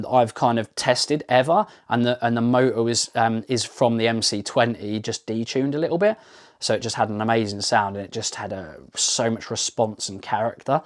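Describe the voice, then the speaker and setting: A man hosting a car review channel, talking to camera in a casual, enthusiastic, rambling way with lots of ums and restarts. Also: medium pitch. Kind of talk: casual unscripted talk to camera.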